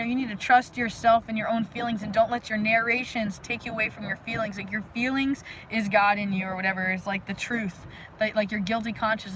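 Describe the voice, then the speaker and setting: A woman hosting a casual live stream outdoors, talking energetically and rambling to her viewers with lots of fillers and sudden loud bursts. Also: on the high side, a little hiss or hum, low-quality recording. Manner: frequent "like" fillers. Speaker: livestream host. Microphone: phone live stream.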